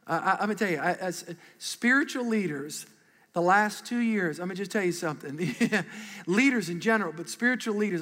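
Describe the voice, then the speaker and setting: A middle-aged man, a pastor, preaching an animated, conversational sermon and calling for responses from a large congregation. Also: high-pitched, brisk, big-room sound. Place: large church auditorium.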